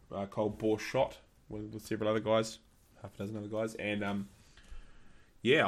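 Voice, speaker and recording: Gravelly low New Zealand man chatting. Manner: storytelling, laughing, acting out quoted voices. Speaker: podcast host. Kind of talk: casual chat.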